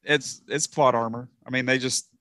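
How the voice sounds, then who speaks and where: Halting man, bright dry voice. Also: mid-range voice, steady tone, no echo. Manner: halting, many fillers and restarts. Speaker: podcast co-host. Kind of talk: casual movie review chat.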